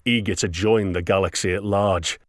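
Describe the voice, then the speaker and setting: A man narrating a science fiction audiobook in a steady, wry storytelling manner. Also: low-pitched, moderate pace, dry recording, clean studio sound. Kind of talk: scripted narration.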